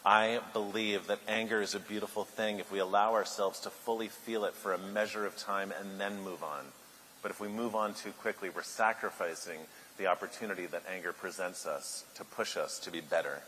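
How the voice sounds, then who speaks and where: A man giving a keynote speech at a luncheon, an animated storyteller who builds to loud outbursts. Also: low-pitched, fairly quick, a little hiss or hum. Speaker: keynote speaker. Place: large banquet hall. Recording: echoey hall, faint ambience.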